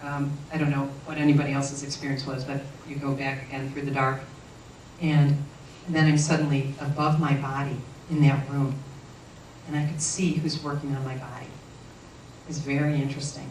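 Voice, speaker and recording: Woman guest, earnest halting storyteller, roomy distant recording with faint noise. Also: rumbling low, little pitch movement, a little mellow. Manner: earnest, halting with frequent restarts. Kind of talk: personal storytelling.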